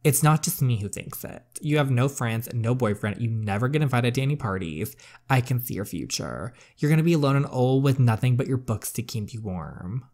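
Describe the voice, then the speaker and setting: A man's voice: mid-range voice, lively intonation, brisk, a little mellow, lightly acted. A man reading as a snide, spoiled mean-girl teen. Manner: snide, dismissive. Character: spoiled mean teenage girl, sarcastic and cruel. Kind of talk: reading a story game aloud.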